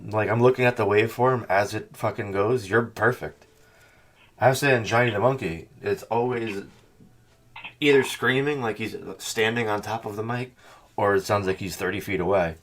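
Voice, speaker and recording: A man hosting a podcast in casual chat, talking in a profane, animated, mocking way into a headset or phone mic on a call. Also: lowish voice, normal speed. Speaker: podcast host.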